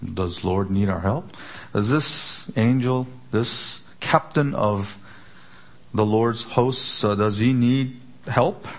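Preacher, male, lowish voice, emphatic expository delivery with rhetorical questions. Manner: emphatic, rhetorical questions, slows for key words. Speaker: pastor. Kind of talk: expository sermon.

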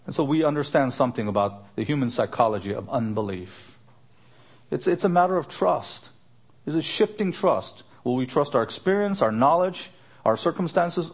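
A man preaching an expository sermon, earnest, lifting his voice to stress a point and repeating his questions. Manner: earnest, rising pitch for emphasis, repeats questions. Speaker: pastor.

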